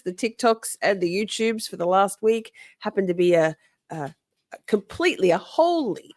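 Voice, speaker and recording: A woman's voice: medium pitch, darkish tone, no echo. A woman hosting a casual livestream from home, greeting viewers by name, chatty and a bit profane. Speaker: livestream host. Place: home, with dogs nearby.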